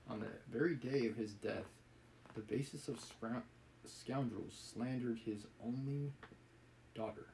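A man's voice: medium pitch, a little slow, dark tone, slight background noise, natural voice, poor audio. A man reading a novel aloud, voicing a frantic, proud, impoverished widow in a lofty, pleading manner.

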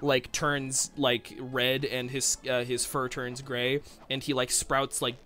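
A man's voice: medium pitch, level tone, slow pace, sharp tone. A man casually narrating a tabletop-style role-play, joking and rambling with frequent self-interruptions. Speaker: co-player.

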